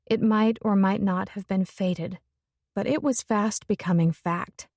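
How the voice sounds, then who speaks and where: A woman narrating a first-person romance audiobook in a measured, introspective way. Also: medium pitch, fairly even intonation, a little mellow, no room sound, studio quality.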